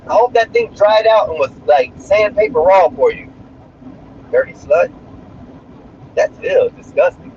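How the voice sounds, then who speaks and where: A man's voice: high-pitched, slow, pauses often, a little mellow. A man chatting casually on a livestream while driving, talking in a brash, crude, rambling way. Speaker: streamer. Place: inside a moving car. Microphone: phone. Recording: muffled sound with faint road noise.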